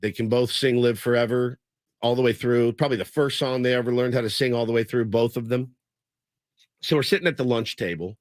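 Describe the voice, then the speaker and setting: A man's voice: mid-range voice, steady tone, fairly quick, no room sound. A man hosting a casual sports radio show in a studio, telling long rambling stories. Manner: rambling storyteller, imitates people he quotes. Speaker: radio host. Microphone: studio microphone.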